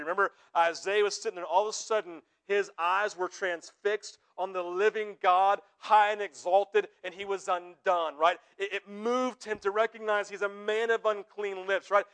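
A pastor preaching a conversational sermon, often checking in with his listeners with quick tag questions. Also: high voice, fairly even intonation, a bit bright, clean tone.

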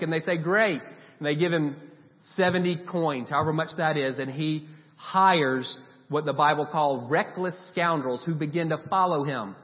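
A man preaches in a church, his slightly high voice carrying a long reverb. He retells the stories animatedly and voices the characters himself. The recording sounds a little dull. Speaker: pastor. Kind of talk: sermon. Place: church sanctuary.

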